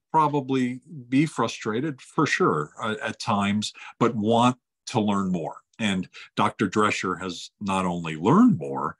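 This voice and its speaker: A man's voice: on the low side, fairly bright tone. A man hosting a webinar, introducing the guest speaker in a rambling, enthusiastic way. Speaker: webinar host.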